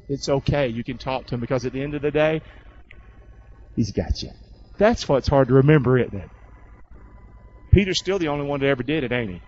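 A man's voice: mid-range voice, fairly quick, pauses often, darkish tone, dull audio, a little hiss or hum. A pastor preaching a sermon to his congregation, asking them questions and having them repeat words back. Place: church hall with congregation.

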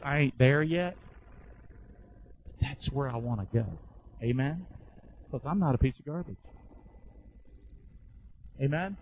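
Man preaching, call-and-response sermon, high voice, muffled church recording. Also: a little hiss or hum. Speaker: pastor.

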